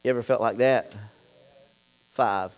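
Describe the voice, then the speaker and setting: A male pastor preaching a sermon, reading scripture and then talking straight to the congregation, dropping low for asides and getting loud and fired up in other stretches. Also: fairly even intonation, a little slow, clean tone, rough recording. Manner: reads scripture aloud and talks straight to the congregation.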